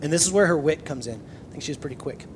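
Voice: medium pitch, lively intonation, quick pace, slight background noise. A preacher giving a casual sermon in a conversational way, acting out the people in the story along the way.

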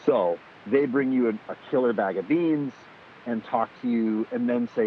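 Animated man on a tinny line. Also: mid-range voice, normal speed. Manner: animated, swears casually, acts out quoted exchanges. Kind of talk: casual conversation. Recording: tinny phone-like sound with faint hiss.

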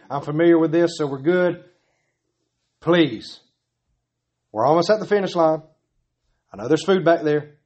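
A man's voice: on the high side, a little mellow. Earnest preacher man. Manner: earnest, pleading, repetitive emphasis. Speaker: pastor. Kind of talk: sermon.

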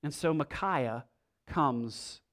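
Man preaching with wry asides, fairly high voice. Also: slow pace, a bit bright. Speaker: pastor. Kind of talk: sermon.

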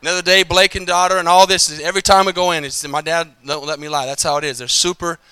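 A man preaching a sermon in church, telling a story in a relaxed, playful way with asides to the congregation. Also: fairly high pitch, fast, clear, resonant tone, no echo. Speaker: pastor. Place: church sanctuary.

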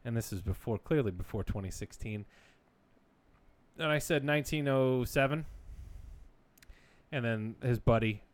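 A man in his thirties co-hosting a casual podcast, telling stories with animated energy and frequent laughs. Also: fairly low pitch, moderate pace, pauses often. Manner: animated storyteller, laughs often. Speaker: podcast co-host. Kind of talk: casual chat.

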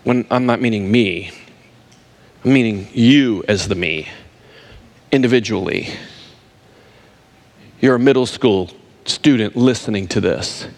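A man's voice: on the low side, unhurried, long pauses. A man preaching a sermon, emphatic and repeating words for stress while he talks straight to his listeners.

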